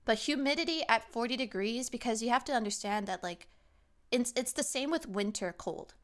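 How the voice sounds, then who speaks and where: A young woman streamer chatting casually with her chat, lively and animated, sometimes acting out what people say. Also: on the high side, a little fast.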